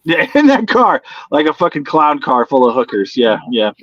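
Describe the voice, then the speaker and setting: A man's voice: on the high side, very animated, normal speed, a bit bright, lo-fi sound. A man who is a stand-up comedian, chatting as a guest in a laid-back way, laughing often and agreeing with "yeah". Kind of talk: casual chat.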